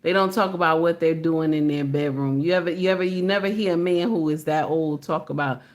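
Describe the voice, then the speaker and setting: A woman's voice: deep voice, brisk. A woman giving casual reaction commentary, emphatic and repetitive, driving each point home with "okay?" and "baby".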